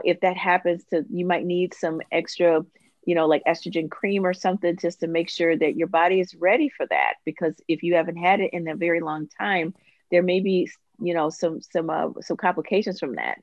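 A woman gynecologist on a panel discussion, talking in a halting way with many restarts and fillers over a video call. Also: fairly low pitch, steady tone, a little mellow, no echo, muffled recording. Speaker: obstetrician-gynecologist guest.

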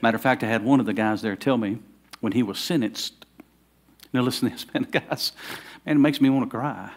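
A man's voice: mid-range voice, a little fast. A middle-aged man, preaching a sermon in a conversational way that builds to fervent emphasis. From Southern United States. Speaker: pastor.

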